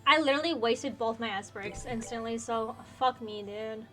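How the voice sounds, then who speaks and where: Woman game streamer, loose cursing chatter, fairly high voice, music faint. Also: normal speed. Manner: casual, swears freely. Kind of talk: casual gameplay commentary.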